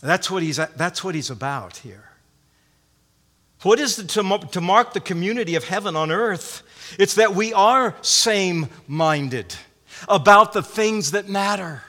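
A man's voice: high voice, animated, a little slow, pushed and bright. A man preaching a sermon, emphatic, repeating phrases and restarting often. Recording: long hall reverb.

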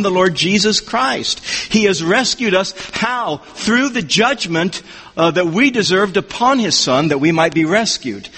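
A man preaching an expository sermon, reading scripture in a measured, emphatic way. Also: high voice, fairly bright tone, breathy edge. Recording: long hall reverb.

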